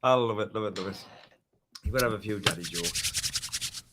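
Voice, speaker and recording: A man's voice: fairly low pitch, moderate pace, background noise. A man co-hosting a casual podcast who laughs often and repeats words with glee. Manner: laughs a lot, repeats words, squeals with delight. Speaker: co-host.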